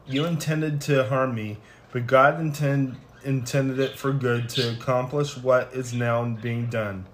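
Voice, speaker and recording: Guy reading bible passages out loud, plain steady voice, mid pitch, trips over a word here and there. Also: slight background noise. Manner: plain unhurried reading with small stumbles and restarts. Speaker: scripture reader. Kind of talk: reading scripture aloud, then closing prayer.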